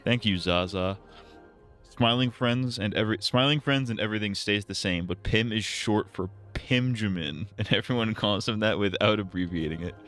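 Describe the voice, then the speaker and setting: A man's voice: lowish voice, normal speed, a bit bright, soft background music. A man streaming a video game, chatting casually and rambling between jokes. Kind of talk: casual gameplay commentary.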